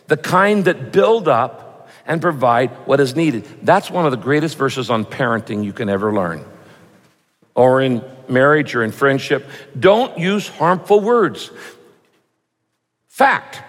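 A man preaching a sermon with an easy, humorous delivery and a slightly raised pitch. He drops into little acted voices to make his points. His voice carries a long reverb from a large hall. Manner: conversational and humorous, mimics voices for emphasis. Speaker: pastor.

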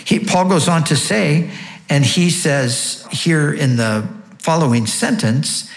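A man's voice: a little high, lively intonation, slow, creaky. Emphatic male preacher in an echoey room. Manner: emphatic teaching with rhetorical questions. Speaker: pastor. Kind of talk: sermon.

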